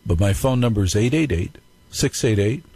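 Husky-voiced playful radio host man. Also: fairly low pitch, lively intonation, moderate pace, darkish tone, no room sound, poor audio. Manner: playful, jokey storytelling. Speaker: radio talk show host. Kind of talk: live call-in radio monologue.

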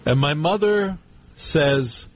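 A man's voice: fairly high pitch, expressive, takes it slowly. A man hosting a live call-in radio show, telling a wry family story in a chatty, storytelling way with asides to listeners. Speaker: radio talk show host.

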